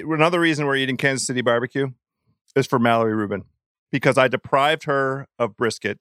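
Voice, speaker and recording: A man hosting a podcast, chatting casually about food, animated and laughing, with stumbling restarts. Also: on the high side, clean tone, no room sound, studio quality. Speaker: podcast host.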